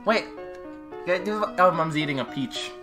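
A woman hosting a game video at home, playful and teasing, with quick asides. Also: low voice, very animated, over music. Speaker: let's-play channel host. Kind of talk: casual let's-play chat.

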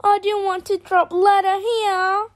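A woman's voice: extremely high pitch, little pitch movement, measured pace, pitched above the performer's own voice. A woman voicing a frightened, unhappy young boy in a children's storybook reading, sounding fretful and complaining.

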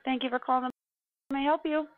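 High lively lady answering phones, totally unimpressed, phone sound. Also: fast talker, background noise. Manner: dry, unimpressed, sing-song. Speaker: receptionist answering calls. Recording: tinny phone line.

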